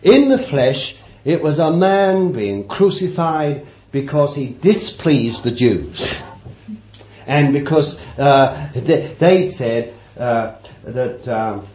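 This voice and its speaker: A man preaching a sermon, swinging from loud declarations to hushed asides and repeating phrases for emphasis. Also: mid-range voice, animated, slow pace. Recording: roomy, dull old sermon tape.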